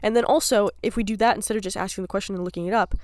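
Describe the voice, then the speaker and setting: A woman's voice: mid-range voice, fairly even intonation, racing, a little mellow, dry recording. A woman co-hosting a podcast in casual chat, giggly and full of fillers. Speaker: podcast co-host. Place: cabin.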